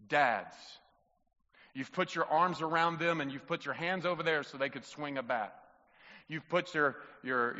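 A man preaches in a fairly high, forceful and bright voice. He acts out the story in quiet asides, then builds to fervent appeals to the congregation. The recording is dull and lo-fi, with long reverb from a big church hall. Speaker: pastor. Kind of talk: sermon. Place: church sanctuary.

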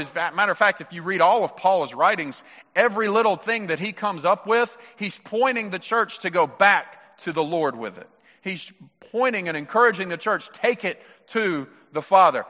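A man's voice: sits high, pushed and bright. A man preaching an emphatic sermon to mothers, speaking directly to the congregation. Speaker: pastor. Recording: muffled sound with long hall reverb.

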